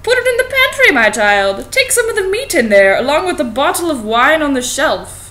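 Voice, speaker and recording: A woman's voice: sits high, sing-song, a little fast, bright, forceful tone, heavily acted. A woman voicing a big bad wolf disguised as a sweet, coaxing granny in a storybook reading.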